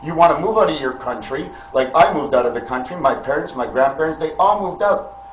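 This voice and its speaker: A man's voice: a little high, lively intonation, a little fast, a little hiss or hum, poor audio. A man delivering a rambling spiritual monologue to camera, preachy and full of rhetorical questions, calling his listeners friends. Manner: wandering, addresses listeners as friends. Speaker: vlogger.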